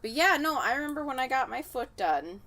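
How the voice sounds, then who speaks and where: A young woman co-hosting a casual podcast chat, telling stories and acting out quotes with big jumps in pitch. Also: big pitch swings, fairly quick, bright, forceful tone. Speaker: podcast co-host.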